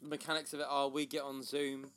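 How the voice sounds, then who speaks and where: A man's voice: mid-range voice, completely flat delivery, quick pace, a bit bright. Upbeat man co-hosting. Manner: upbeat, playful teasing. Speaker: podcast co-host. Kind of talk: casual chat.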